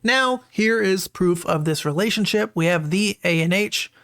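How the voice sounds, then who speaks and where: A man's voice: sits high, moderate pace, fairly bright tone. A man hosting a casual online commentary, talking through screenshots in a chatty way and often checking in with "right?", with disgusted, incredulous asides. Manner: chatty, keeps asking "right?".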